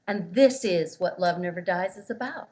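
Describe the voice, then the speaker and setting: A woman's voice: on the low side, moderate pace, mellow. A woman being interviewed as a guest, telling stories earnestly and with emphasis, acting out the voices of the people she quotes. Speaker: guest, relationship therapist. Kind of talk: interview storytelling.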